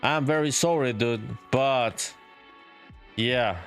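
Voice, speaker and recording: A man streams his game development live, chatting loosely with viewers, reading their messages out loud, laughing a lot, swearing, and saying "dude" constantly. His voice is medium-pitched, slow and fairly bright, with soft music in the background.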